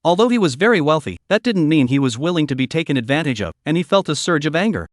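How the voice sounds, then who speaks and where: A man narrating a story recap in a brisk storytelling voice-over. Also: a little high, big pitch swings, no echo, clean studio sound.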